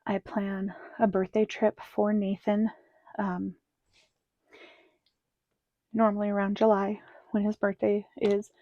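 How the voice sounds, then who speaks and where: Speaking slowly with long pauses, a mother who vlogs about budgeting talks casually through her monthly cash, saying um a lot and murmuring as she counts bills. Her pitch is medium and barely moves. There's no echo, but the audio sounds dull.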